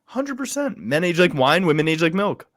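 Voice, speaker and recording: Young dude cohosting, bright voice, laughing along with the jokes. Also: male voice, fairly high pitch, big pitch swings, moderate pace. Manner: laughs often, playful banter. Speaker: podcast co-host. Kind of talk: casual chat, fight picks.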